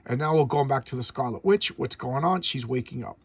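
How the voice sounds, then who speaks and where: A man's voice: mid-range voice, fairly quick, husky, no echo. A middle-aged man chatting casually about old comics, enthusiastic and rambling, with lots of stammered restarts. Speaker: comic collector host. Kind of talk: casual comic review chat.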